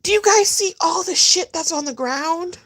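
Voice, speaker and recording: A woman's voice: very high voice, expressive, moderate pace, very noisy. A woman giving blunt, profane, mocking reaction commentary on a video. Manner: mocking, blunt, swears often.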